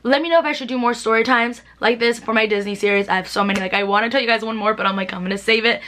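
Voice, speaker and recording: Young woman, vlogger, quick chatty storytelling, higher voice, giggly. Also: steady tone, fairly bright tone, a little hiss or hum. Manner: chatty, laughs often, heavy filler "like". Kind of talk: casual storytime vlog.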